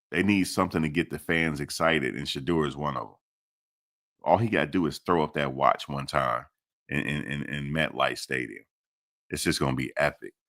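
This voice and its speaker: A man's voice: sits low, a bit bright. A man hosting casual sports commentary, emphatic and repetitive, swearing casually as he makes his points.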